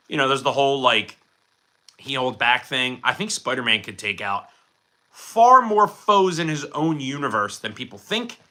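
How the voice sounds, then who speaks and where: Chatty young man with a bright voice. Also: medium pitch. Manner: rambling, chatty, answers viewer questions. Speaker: streamer showing his collection. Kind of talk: casual live-stream chat with viewers.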